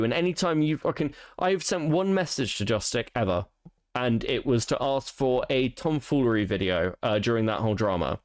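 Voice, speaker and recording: A young British man hosts a stream in a medium-pitched voice at an ordinary pace, speaking bluntly, rambling, and swearing a lot. It's casual stream commentary, recorded in a clean studio with no room sound.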